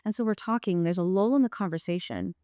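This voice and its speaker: A woman guest on a podcast, casually telling a personal story in a lively, animated way. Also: lowish voice, fast talker, dry recording, studio quality. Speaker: podcast guest, playwright and performer.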